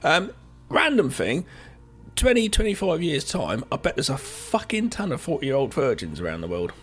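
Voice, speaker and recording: Animated man chatting films. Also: a little high, normal speed. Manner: animated, swearing, tangents. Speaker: podcast co-host. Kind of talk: casual film chat.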